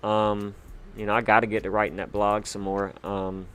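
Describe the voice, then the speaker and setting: A man hosting a casual livestream, chatty and excitable, with lots of fillers, shout-outs and sudden bursts of hype. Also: lowish voice, moderate pace, a little hiss or hum. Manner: hyped, chatty, full of fillers. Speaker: livestream host.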